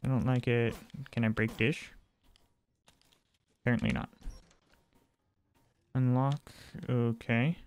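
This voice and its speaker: Slow, smooth-voiced man playing horror games. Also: medium pitch, steady tone, a little mellow. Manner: talks to himself, jumpy and wry while exploring. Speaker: gaming channel host. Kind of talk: horror game let's play commentary.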